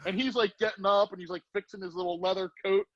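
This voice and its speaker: A middle-aged man, a former BMX rider, telling a profane, animated story as a podcast guest. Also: high-pitched, quick pace, dry recording. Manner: profane, animated, acts out voices in anecdotes. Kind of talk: casual storytelling. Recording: dull lo-fi podcast audio.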